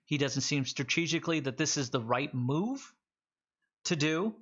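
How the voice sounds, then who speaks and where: A man's voice: on the high side, animated, normal speed, fairly bright tone. Guy running a tabletop rpg, rambly narration, kinda dull lo-fi audio. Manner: loose, rambling narration with many restarts. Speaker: game master.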